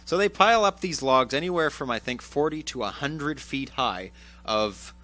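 A man hosting a casual panel chat, sardonic and quick to laugh. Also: mid-range voice, lively intonation, bright, forceful tone. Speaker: radio show host.

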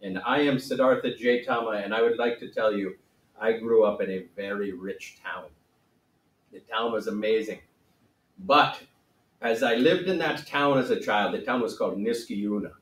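In a comic classroom role-play, a male teacher plays the Buddha as a mock-solemn, jokey wise sage, using a wobbly put-on accent and theatrical, lightly acted delivery. His voice is fairly high and unhurried. The low-quality recording sounds roomy, with the mic far off.

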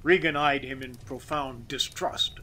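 A man narrating a classic story as an audiobook reader, expressive and measured. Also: mid-range voice, slight background noise, poor audio.

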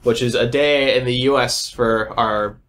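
A man's voice: medium pitch, fairly even intonation, a little slow, a bit bright. A young man hosting a podcast in casual chat, joking and wandering off on tangents. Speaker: podcast host.

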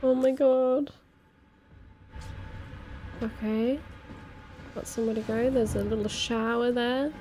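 A woman's voice: a little high, steady tone, slow pace, long pauses, warm tone, slight background noise. A woman playing a horror game while commenting casually, jittery and swearing, repeating herself when scared. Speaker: let's play gamer.

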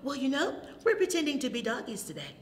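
Here a woman librarian for children hosts storytime for toddlers, singing songs and reciting rhymes at an unhurried, animated, melodic pace. Delighted gasps and hushed whispers appear throughout, over a faint low rumble and long reverb.

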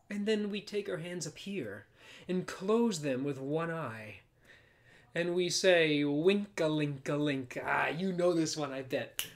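A man's voice: a little high, a little hiss or hum. Playful male preschool music teacher. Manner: playful, apologetic, laughs often, drops to soft whispers. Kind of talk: live-streamed kids' music and movement class.

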